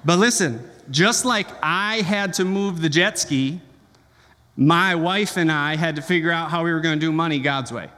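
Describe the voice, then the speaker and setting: A man's voice: fairly high pitch, normal speed, bright, forceful tone, big-room sound. A man preaching a sermon as pastor, conversational and joking, often checking in with the congregation.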